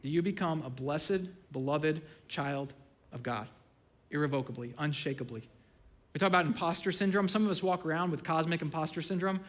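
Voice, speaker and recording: A man in his thirties delivers a sermon in a casual, storytelling manner, his voice sitting a little higher than most men's. He swings from loud, excited bursts down to quiet, hushed asides. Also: fairly quick. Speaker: pastor.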